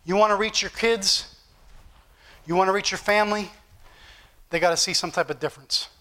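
A man's voice: sits high, moderate pace, bright, forceful tone. A male pastor preaching a fervent sermon in church, repeating phrases and building intensity.

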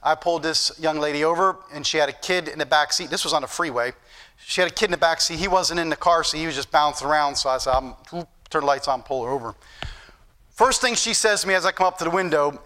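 A middle-aged preacher with a high, bright voice delivers his sermon as a story, acting out the back-and-forth himself. His emphasis climbs as the point builds. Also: fast. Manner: storytelling, plays out dialogue with rising emphasis.

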